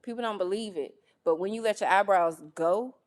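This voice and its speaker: A woman from North Carolina, a guest in a casual interview, telling her story with lively, acted-out quotes. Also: mid-range voice, brisk. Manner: animated, acts out quoted voices. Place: studio on location.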